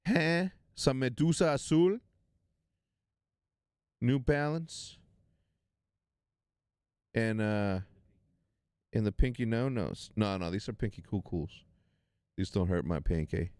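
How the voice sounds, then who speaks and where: Man in his forties, Spanish first language, streaming a watch party. Easygoing, joking talk, unhurried delivery, close dry mic. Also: mid-range voice, dry recording. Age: 40s. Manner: loose, joking, excitable banter with chat. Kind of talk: casual live-stream chat.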